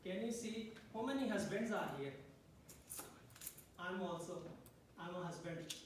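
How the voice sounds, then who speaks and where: A man's voice: high-pitched, unhurried, slight background noise. A man who speaks English as a second language, preaching a sermon to a congregation and asking "Amen?" again and again. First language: not English. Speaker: pastor. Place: church hall. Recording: echoey room from a distance.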